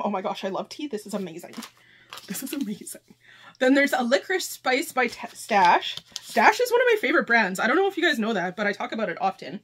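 A high-pitched woman hosts a casual unboxing vlog. She sounds excitable and gushing, sometimes close to tears, and sometimes reads book blurbs aloud. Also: slight background noise. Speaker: channel host.

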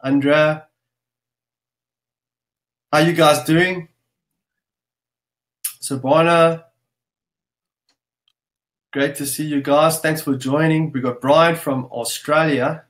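A man's voice: on the high side, steady tone, slow, long pauses, a bit bright. A man hosting a live webinar, greeting viewers by name and place in an upbeat, casual way. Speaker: webinar host.

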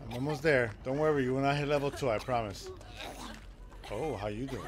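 A man streaming a live game, joking with chat and breaking into loud excited shouts. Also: mid-range voice, brisk, background noise. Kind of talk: live gameplay commentary.

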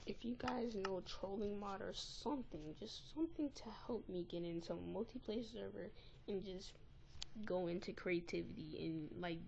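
A woman giving casual, excitable and easily exasperated commentary while playing a game, recorded on a tablet's built-in mic. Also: lowish voice, vocal fry, a little hiss or hum. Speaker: gameplay recorder.

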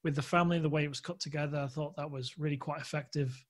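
A man's voice: fairly high pitch, fairly even intonation, quick pace. A man hosting a podcast interview, polite and encouraging, often chiming in with short affirmations. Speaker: podcast host. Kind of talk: casual interview chat.

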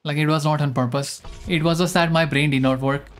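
Excitable young male game streamer. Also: fairly high pitch, brisk, soft background music. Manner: excitable, rambling, self-mocking. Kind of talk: live gameplay commentary.

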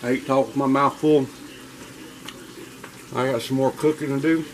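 A man's voice: medium pitch, steady tone, moderate pace, slight background noise, low-quality recording. Folksy man cooking and chatting. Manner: folksy, enthusiastic, talks to viewers directly. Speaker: outdoor cooking channel host. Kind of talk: casual cooking vlog. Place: home kitchen with food frying. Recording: faint kitchen sizzle behind.

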